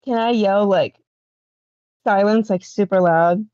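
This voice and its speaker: A woman's voice: mid-range voice, takes it slowly, dark tone, dry recording, highs cut off. A woman playing a tabletop game, chatty and peppering her talk with likes. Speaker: player. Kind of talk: casual chat.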